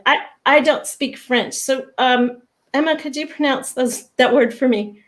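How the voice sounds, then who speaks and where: A woman with a fairly high voice talks through diction in an interview. She is patient and instructive, slowing down to sound out sample words. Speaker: lyric diction expert, guest. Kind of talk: explanatory interview talk.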